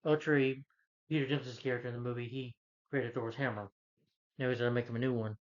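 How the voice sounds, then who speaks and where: A man's voice: medium pitch, little pitch movement, fast, highs cut off. A man casually recapping a film's plot, rambling with lots of fillers and self-corrections. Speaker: film reviewer.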